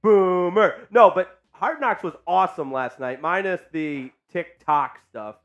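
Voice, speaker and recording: A man hosting a casual live sports chat stream, hyped and joking as he shouts out viewers. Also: sits high, measured pace. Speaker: sports show host.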